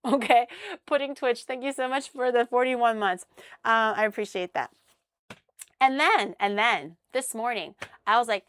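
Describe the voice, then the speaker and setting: A woman streamer chatting casually with her viewers, telling an animated story full of acted-out quotes. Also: on the high side, normal speed, clear, resonant tone, no room sound, clean studio sound. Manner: animated storytelling, acts out quotes, frequent laughs.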